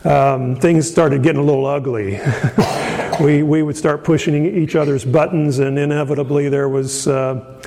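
A middle-aged pastor from Indiana, USA, delivers a sermon in a friendly, storytelling style, his slightly high voice steady and warm. He often pauses with fillers and restarts, and a long hall reverb trails his words.

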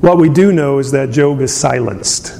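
A man preaching a conversational sermon, chuckling often and filling pauses with ums and uhs. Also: gravelly, darkish tone. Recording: long hall reverb, faint rumble.

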